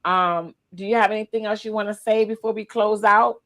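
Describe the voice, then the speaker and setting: A woman hosting a casual livestream podcast, lively and emotional, teary-eyed as she talks. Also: mid-range voice, a little fast. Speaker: podcast host.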